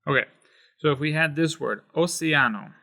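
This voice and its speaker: A man explaining Spanish accent marks in a patient whiteboard lesson, slowing down to stress syllables. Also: fairly high pitch, animated, a bit bright. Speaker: Spanish teacher.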